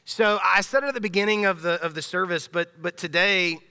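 Pastor, male, thirties; bright, crisp delivery, conversational and emphatic sermon; long church reverb. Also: sits high, a little fast. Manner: conversational, emphatic, with frequent restarts. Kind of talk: casual sermon. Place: church sanctuary.

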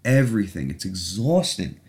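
Brief: a low-voiced male podcast host, rambling and sarcastic, swears freely. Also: very animated, normal speed, darkish tone. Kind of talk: casual chat.

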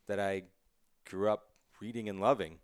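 A man's voice: lowish voice, steady tone, normal speed, no echo, studio quality. A man, a TV writer, talking casually in an interview, rambling and interrupting himself, laughing easily. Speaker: TV writer, podcast guest.

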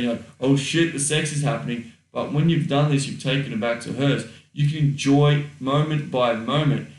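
A man's voice: medium pitch, distant mic. Swearing man with a roomy echo. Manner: blunt, swears freely, acts out quoted thoughts. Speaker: podcast co-host. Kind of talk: casual advice chat. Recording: roomy echo, a little off mic.

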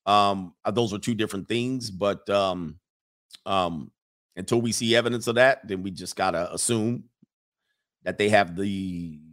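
A man's voice: fairly low pitch, a bit bright. A man hosting a casual livestream, talking emphatically with many fillers and restarts and reading chat comments aloud.

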